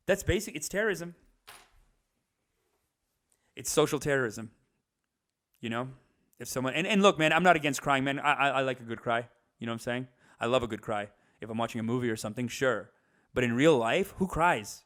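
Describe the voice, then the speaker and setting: A man hosting a comedy podcast, ranting in an animated, profane way. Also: medium pitch, a little fast, pauses often.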